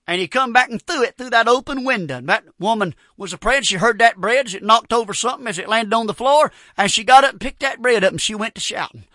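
High-voiced folksy male preacher. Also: quick pace, few pauses, no echo, clean studio sound. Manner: folksy, repeats amen, animated storytelling. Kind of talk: folksy storytelling sermon.

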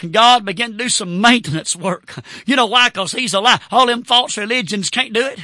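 A man preaching a sermon as a Baptist pastor, fervent, with shouting bursts and whoops. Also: extremely high pitch, brisk, dry recording, clean studio sound.

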